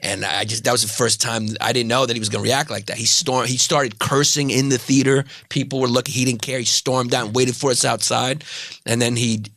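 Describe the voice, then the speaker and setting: A man's voice: mid-range voice, fairly even intonation, fairly quick, a bit bright, no echo. A man guest on a comedy podcast, telling a family story casually with reenacted quotes. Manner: tells family stories with vivid reenacted quotes.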